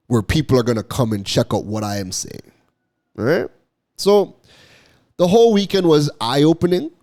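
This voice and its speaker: A man's voice: medium pitch, darkish tone. A man from Toronto with a Toronto accent, giving emphatic commentary to camera as a marketing content creator, repeating his points and asking "right?" often. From Toronto, Canada.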